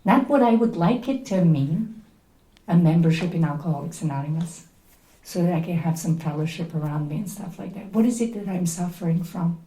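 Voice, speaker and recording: A woman's voice: lowish voice, animated, fairly quick, warm tone. Earnest Serbian-accented woman, echoey room. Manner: earnest, emphatic, candid. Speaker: recovery speaker at a workshop. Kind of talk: personal testimony talk. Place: workshop room before an audience.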